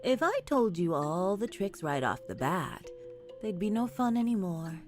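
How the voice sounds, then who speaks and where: Woman voicing middle-aged mom, calm, teasing, measured, lowered voice, lively pitch. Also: faint music behind. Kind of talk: reading a game's lines aloud.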